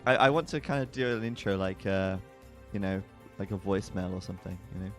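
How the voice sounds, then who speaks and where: A man's voice: low-pitched, fast talker, soft background music. A man casting a strategy game match in a casual, joking way, sometimes stumbling over names. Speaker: esports commentator.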